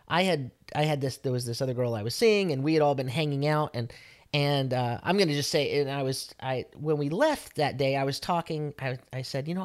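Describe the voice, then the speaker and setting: Man podcast co-host, casual chat, lively storyteller who acts out the lines. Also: medium pitch. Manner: animated storyteller, acts out quotes.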